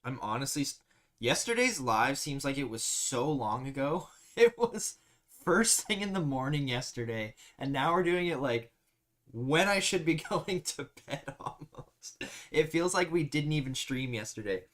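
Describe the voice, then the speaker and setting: A man's voice: medium pitch, expressive, unhurried, fairly bright tone. A man hosting a casual live stream, chatting easily and reading viewer comments aloud with frequent laughs. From Canada.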